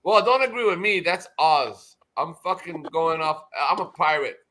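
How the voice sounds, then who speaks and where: A man's voice: fairly high pitch, expressive, moderate pace, bright, forceful tone, slight background noise. A drunk man hosting a casual livestream chat, rambling and swearing constantly with slurred words. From United States. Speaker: livestream host.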